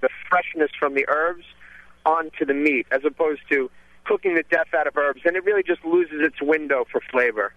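A man's voice: on the high side, moderate pace, no room sound. Man talking cooking over a phone line. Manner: rambling, with many restarts. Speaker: chef and cookbook author guest. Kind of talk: casual radio interview talk.

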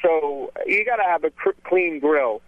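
Male chef guest on call-in radio, slightly high voice, rambling delivery, tinny phone line. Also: lively intonation, unhurried, dry recording. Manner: rambling, with many restarts. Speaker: chef and cookbook author guest. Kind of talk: casual radio interview talk.

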